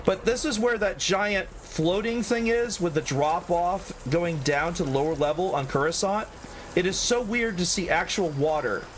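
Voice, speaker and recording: A man's voice: on the high side, a little hiss or hum. A man giving casual, rambling commentary while streaming a video game. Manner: chatty, rambling, prone to tangents.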